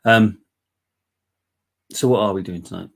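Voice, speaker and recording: A man casually hosting a whisky giveaway livestream, chatty and relaxed with lots of ums, a bit bunged up from a cold. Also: on the low side, unhurried, creaky. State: congested, bunged up. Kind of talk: casual live chat.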